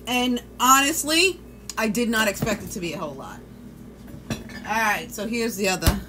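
A woman's voice: fairly high pitch, expressive, normal speed, noisy background. A woman chatting casually on a livestream, swearing freely and greeting viewers by name. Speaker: vlogger.

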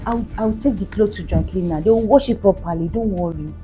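A woman's voice: mid-range voice, fairly quick, dull audio, faint music behind, lightly acted. Woman playing a weary pregnant Nigerian wife. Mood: pleading. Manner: pleading, apologetic. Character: tired pregnant young wife.

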